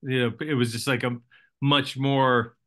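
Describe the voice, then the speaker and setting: A man talking as a guest actor in a loose, chatty interview. His voice is bright and forward at a middle pitch. He rambles through anecdotes with plenty of fillers and pokes fun at himself. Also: flat delivery, unhurried. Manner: rambling, self-deprecating joker. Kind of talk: casual interview chat.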